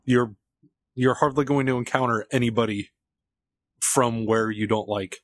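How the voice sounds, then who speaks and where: A man's voice: mid-range voice, fairly even intonation, normal speed, a little hiss or hum. A man from California telling wry, laughing anecdotes in a casual podcast chat. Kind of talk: casual storytelling.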